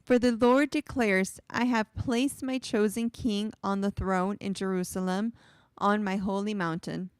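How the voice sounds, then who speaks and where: Woman with a smooth voice reading scripture aloud. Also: medium pitch, fairly even intonation, a little slow, no room sound. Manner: reads aloud in a raised, projected voice.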